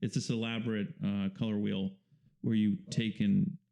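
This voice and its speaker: Low gravelly man explaining in a relaxed way. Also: moderate pace. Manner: relaxed, explanatory, rambling with fillers. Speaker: guest painter. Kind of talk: casual interview talk.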